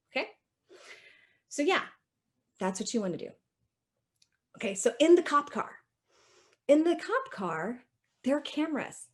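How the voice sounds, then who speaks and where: Young woman lawyer, informal lecture, conversational and direct, keeps asking the room if they follow. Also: a little high. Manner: chatty, keeps checking in with "okay?"; acts out dialogues with police. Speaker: attorney giving a public lecture.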